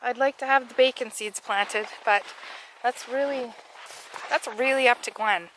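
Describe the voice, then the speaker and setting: A woman vlogger walks through her backyard garden in winter, chatting casually, rambling, joking lightly and laughing often. Her voice is a little high, fairly bright and fairly even in intonation, and a little slow. The recording is rough, with slight background noise.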